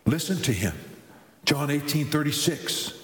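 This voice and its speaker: A man's voice: fairly high pitch, expressive, a bit bright. Man preaching in an echoey hall. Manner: halting restarts, building to emphatic lists. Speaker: pastor. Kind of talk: sermon. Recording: echoey hall with long reverb.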